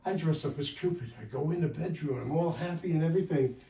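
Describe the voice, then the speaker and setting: A man in his sixties doing a stand-up comedy set with wry, punchy delivery, jumping louder for quoted lines. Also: a little high, fast talker. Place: comedy club stage. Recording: roomy live sound from a distance.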